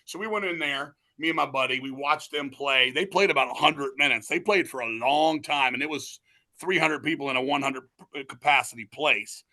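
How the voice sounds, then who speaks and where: A man talks in a very bright, forceful voice, rambling through his stories with heavy cursing and frequent restarts. His tone is excitable and conversational, like an interview guest holding forth. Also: medium pitch, moderate pace. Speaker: interview guest, metal musician. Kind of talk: casual storytelling chat.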